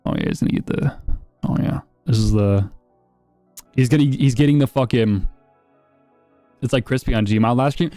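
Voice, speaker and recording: A male streamer riffs over videos in a mid-range voice, blunt and full of swearing. His talk wanders from one aside to the next. The sound is dry and close, with a little music playing softly beneath. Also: mid-range voice, moderate pace, long pauses, dry recording. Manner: blunt, profane, rambling asides. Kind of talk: casual reaction commentary.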